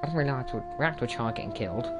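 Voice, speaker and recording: A man commentating his gameplay with loud, excitable reactions and swearing. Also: mid-range voice, rapid-fire, music in the background. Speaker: gaming YouTuber. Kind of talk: let's-play commentary.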